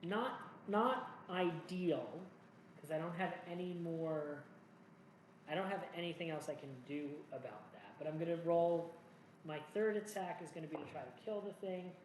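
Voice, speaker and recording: A man's voice: a little high, a little slow. A man hosting a solo board game playthrough, chatting through each move in a jokey, self-mocking way. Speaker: solo board game player and channel host. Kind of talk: casual playthrough commentary. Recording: echoey room with faint noise.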